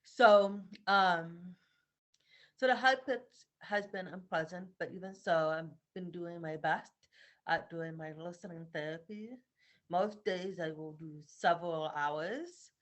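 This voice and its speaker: A woman's voice: on the low side, unhurried. A young woman giving a personal video diary update at home, talking reflectively and earnestly with many ums. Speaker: vlogger.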